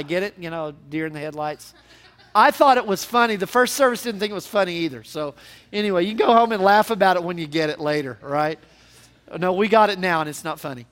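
A man's voice: sits high, a little fast, fairly bright tone. A man preaching a sermon as pastor, speaking conversationally and rising to emphatic peaks.

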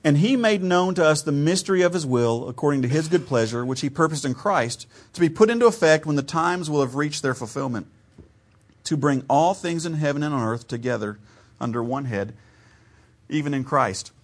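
Guy preaching a sermon, chatty storytelling style, kinda high voice, from ohio. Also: animated, fairly quick. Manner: conversational storytelling preacher, varied emphasis, laughs at own stories. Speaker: pastor.

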